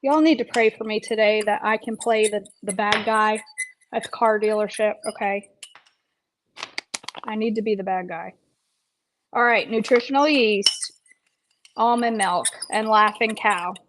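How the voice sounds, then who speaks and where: A woman's voice: medium pitch, measured pace, pauses often, background noise. A woman health coach chatting playfully while she eats on a casual livestream, with self-deprecating jokes. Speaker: health coach and vlog host.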